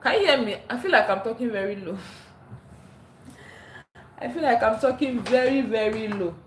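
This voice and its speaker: Reading out viewer comments and laughing often, this African woman runs a casual livestream indoors at home. Her pitch is fairly high and expressive at a normal speed, and the sound is roomy with slight background noise. She starts on a phone, then moves to a clip-on mic.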